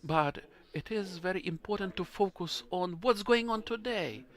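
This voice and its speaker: Male panelist, halting and emotional, bright and forceful tone. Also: high voice. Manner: halting, earnest, emotional, searching for English words. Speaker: forum panelist. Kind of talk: panel discussion answer.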